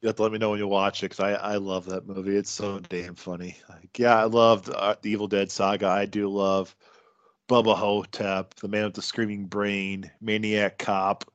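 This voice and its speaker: A man from Iowa hosting a casual podcast chat, his voice sitting on the low side. He talks in a loose, jokey way and sounds dry and close to the mic. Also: moderate pace, no echo, highs cut off. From Iowa, United States. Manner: easygoing, jokey, animated storyteller. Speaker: podcast co-host.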